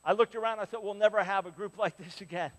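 Male preacher, high voice, animated storytelling, big hall reverb. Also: fast talker. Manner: animated storyteller, drops to hushed tones for quoted lines. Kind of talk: sermon storytelling.

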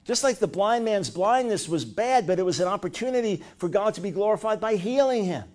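A middle-aged man preaching a sermon, telling stories in an animated way, with loud high bursts when he acts out what people said. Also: a little fast. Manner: animated storytelling, rising to loud high-pitched bursts when acting out quotes.

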